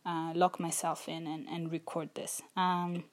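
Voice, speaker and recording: A woman's voice: on the low side, little pitch movement, a little slow. A woman hosting a reflective solo podcast, out of breath, talking earnestly and repeating phrases for emphasis, alone in a small room. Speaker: podcast host.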